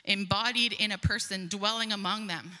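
A woman's voice: medium pitch, steady tone, normal speed, sharp tone. A woman preaching a sermon, earnest and emphatic, reading scripture aloud and explaining it. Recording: long hall reverb.

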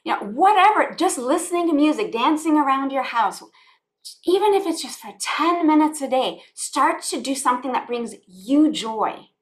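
Woman guest from the US, spiritual coach, higher voice, heartfelt and repetitive. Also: animated, moderate pace. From United States. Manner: earnest and heartfelt, repeats phrases, laughs often. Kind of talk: conversational podcast interview.

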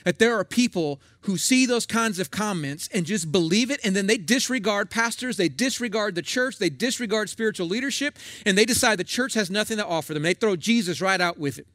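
A middle-aged pastor delivers a sermon in a folksy, conversational manner, punching his points with emphatic asides. His voice sits high for a man. The recording is dry, with little room sound. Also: animated, brisk, few pauses, fairly bright tone, dry recording.

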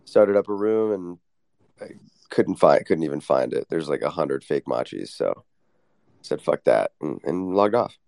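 A man telling stories in a casual online voice chat, animated and profane. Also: extremely low pitch, measured pace, vocal fry, dry recording. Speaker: guest speaker.

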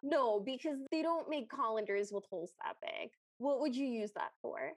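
High, slow-talking woman co-host, dry close sound, easy chatty recap. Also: expressive, no echo. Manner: unhurried storytelling with giggles. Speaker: podcast co-host. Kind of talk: casual recap chat.

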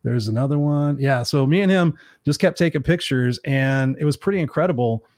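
A man telling a personal story in casual chat, animated and acting out the voices of the people he quotes. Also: mid-range voice, a little fast, no echo, studio quality. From Southern California. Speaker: host.

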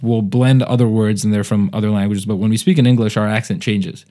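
A man's voice: lowish voice, fairly even intonation, a little fast, warm tone. A man with an American accent, a comedian hosting a podcast, talking in a thoughtful, rambling way with many fillers. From United States, Indian family. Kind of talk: casual chat.

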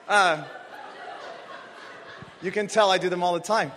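A man preaching a sermon, telling a story with animated energy and rising to shouts on key phrases. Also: high voice, unhurried, pauses often, some chatter behind, slight background noise. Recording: long reverb of a large hall.

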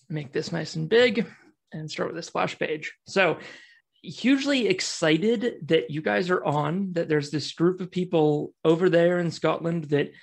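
A man's voice: on the high side, creaky. A man with an American accent, raised in New Zealand, giving a chatty, self-deprecating guest talk over a video call. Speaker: guest speaker.

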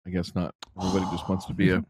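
A man's voice: low-pitched, monotone, rapid-fire, darkish tone, husky, no room sound. A man hosting a live lawn-care call-in show, joking and brash and casually swearing. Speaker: host taking calls.

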